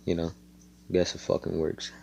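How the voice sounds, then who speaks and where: A young man with a very deep, low voice spins a fan story off the cuff. He rambles, swears freely and breaks off into laid-back asides. The delivery is casual and unscripted. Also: completely flat delivery, normal speed, vocal fry, a little mellow, husky.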